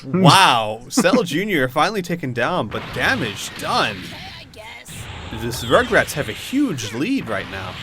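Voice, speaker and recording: Excitable male video game commentator. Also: medium pitch. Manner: excitable, quick exclamations at big hits. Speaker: play-by-play commentator. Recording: game music playing behind. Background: video game music and effects.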